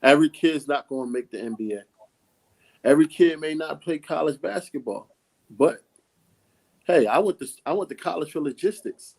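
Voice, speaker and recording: A man's voice: fairly high pitch, animated, normal speed, gravelly, a little mellow, rough recording. Straight-talking middle-aged man, earnest. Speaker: coach, mentor. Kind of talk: casual podcast conversation.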